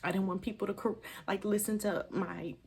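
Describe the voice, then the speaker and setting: A woman's voice: mid-range voice, steady tone, a little fast, creaky, a little mellow, slightly rough. A woman hosting a budgeting channel, talking casually and emotionally to camera, rambling and correcting herself as she goes, with a gap in her teeth. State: tearful at times.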